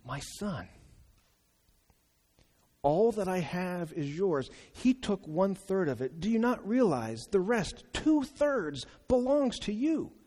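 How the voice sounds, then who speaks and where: A man's voice: sits high, sing-song, slow pace, mellow, voice pushed up, exaggerated voice. A patient, loving father, as a preacher acts him out, pleading earnestly with his resentful son in a rising voice. His words ring on in a long hall reverb.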